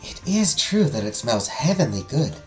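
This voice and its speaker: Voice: medium pitch, big pitch swings, normal speed, natural voice. A man reading a polite, reserved young woman. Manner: soft, formal and hesitant. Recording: echoey room, faint music.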